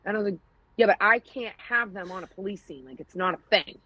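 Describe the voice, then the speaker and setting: A woman's voice: mid-range voice, quick pace, bright, forceful tone, poor audio. A woman co-hosting a podcast, telling stories in candid casual chat, acting out quoted dialogue and swearing freely. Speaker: podcast co-host.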